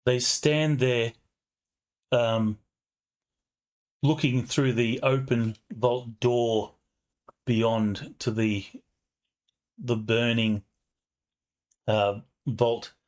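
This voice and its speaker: A man narrating a tabletop game as game master, slow and halting with many fillers. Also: mid-range voice, fairly even intonation.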